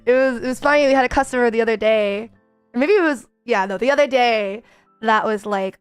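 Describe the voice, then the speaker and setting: A woman's voice: fairly high pitch, fairly quick, clear, resonant tone, dry recording, faint music behind. A woman streaming a casual chat, rambling with many fillers and reading viewer messages aloud.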